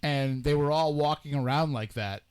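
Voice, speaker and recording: A man from Massachusetts hosting a casual radio talk show, ranting in an opinionated, animated way. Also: a little high, normal speed, clear, resonant tone.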